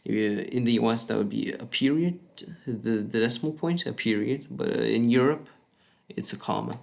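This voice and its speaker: A man talks through his homemade language in a scripted voice-over, with a medium-pitched, ordinary voice. He trips and restarts words now and then and drops in dry, wry asides. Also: moderate pace, gravelly, darkish tone. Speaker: conlang creator presenting a submission. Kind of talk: scripted explainer narration.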